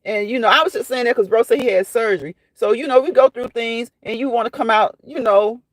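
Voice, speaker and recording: A woman's voice: a little high, a little fast, no room sound. A woman hosting a casual live stream, reading viewers' comments aloud and reacting to them in a chatty way that often repeats phrases.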